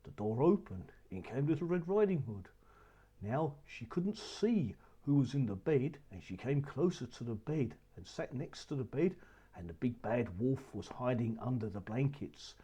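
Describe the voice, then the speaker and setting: Animated, husky male storyteller. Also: medium pitch, normal speed. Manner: expressive, animated telling. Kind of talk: children's story narration.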